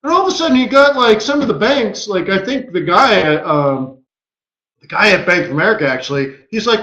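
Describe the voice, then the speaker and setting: A forex strategist hosting a live webinar comments casually at a normal speed in a high-ish voice. He's an animated storyteller who performs the voices he quotes, and the recording has the dull, lo-fi sound of an echoey room.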